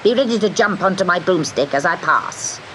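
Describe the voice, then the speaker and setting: A woman voicing a spiteful, scheming sea witch in a storybook reading, with slow, sing-song chanting and snappish replies. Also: on the low side, lively intonation, a bit bright, slight background noise, poor audio. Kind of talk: storybook narration.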